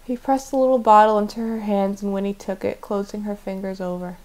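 Role: story reader. Sex: woman. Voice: gravelly fry. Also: mid-range voice, little pitch movement, fairly quick, few pauses, a little mellow, poor audio. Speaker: guest storyteller. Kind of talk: storybook read-aloud.

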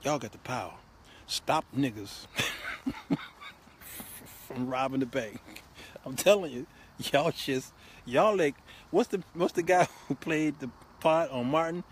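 A man hosting a show, giving comic relationship advice in an animated, laughing, preachy way. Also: a little high, unhurried, long pauses, slight background noise. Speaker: host. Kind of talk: comedic relationship advice monologue.

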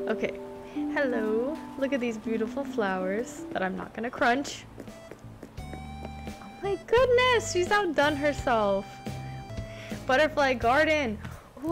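A woman's voice: high-pitched, low-quality recording. A young woman in casual reaction commentary, touring a video game island and gushing, repeating words as she reacts. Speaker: gaming vlogger. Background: game background music.

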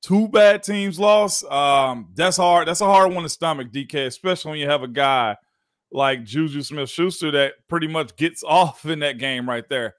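A former football player with a Southern American accent co-hosts a sports talk show in a relaxed, joking way. His voice sits a touch high. The sound is dry and close, with no room echo. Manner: laid-back, joking, drawn-out phrasing. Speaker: co-host, former football guard. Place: remote studio.

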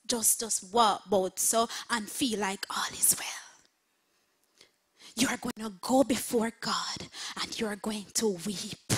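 A woman minister preaching an online sermon, swinging from hushed whispers to shouts. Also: fairly high pitch, slow, husky. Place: home setup, streaming online.

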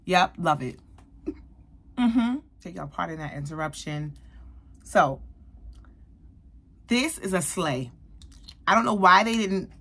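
A woman beauty vlogger, likely in her thirties, reviewing a perfume in an animated, chatty way and talking straight to her viewers. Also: on the low side, slow, pauses often, breathy edge. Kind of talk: casual product review.

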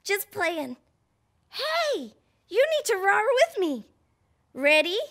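A woman doing an excitable little boy puppet. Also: very high-pitched, takes it slowly, heavily acted. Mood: playful. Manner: excitable, chatty, talks to viewer directly. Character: playful little boy puppet, pre-school vlogger. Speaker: puppet show host. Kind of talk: children's puppet show.

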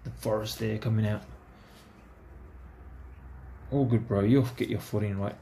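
Man, gravelly voice, unhurried, casual card-opening chat, talks to himself. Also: lowish voice, fairly even intonation, warm tone, slight background noise. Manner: talks to himself, easygoing and chatty. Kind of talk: casual commentary while opening card packs.

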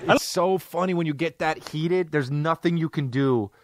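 A man's voice: a little high, normal speed, a little hiss or hum. A man hosting a podcast, reacting comedically to a clip, swearing freely and mimicking what he hears. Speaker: podcast host.

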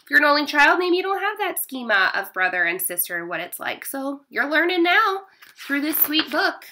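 A woman's voice: high voice, big pitch swings, moderate pace, sharp tone. A woman teacher reading a picture book aloud and chatting to her pupils in an encouraging way.

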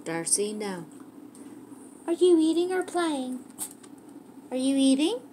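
A woman's voice: sits high, sing-song, slow, mellow, slight background noise. A woman talking fondly to her pets, coaxing and praising them in casual chat. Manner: coaxing, fond pet-talk. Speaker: pet owner filming her animals.

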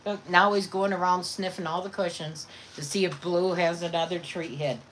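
A woman's voice: lowish voice, fairly even intonation, normal speed, a little hiss or hum. A woman chatting casually to viewers and doting on her dogs in baby talk. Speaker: vlogger. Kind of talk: casual chat to viewers and pets.

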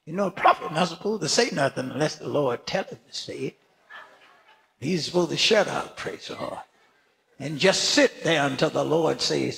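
An older man preaching a fervent sermon as a bishop, punctuating his words with praise and shouted emphasis. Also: fairly high pitch, lively intonation, moderate pace, vocal fry, slight background noise.

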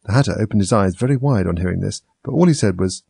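A man narrating a classic storybook in an even, measured reading. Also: fairly low pitch, creaky, slightly rough, no echo.

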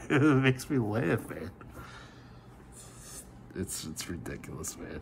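Middle-aged male vlogger, rambling frustrated rant on a phone mic, gravelly voice, faint noise behind. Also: fairly low pitch, big pitch swings, slow. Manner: rambling, repeats himself, swears. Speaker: family vlogger.

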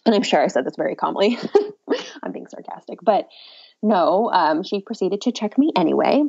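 A woman's voice: medium pitch, animated, normal speed, vocal fry, warm tone, breathy edge. A woman casually telling a birth story as a podcast guest, candid and chatty with a wry, self-mocking humor. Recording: dull lo-fi audio.

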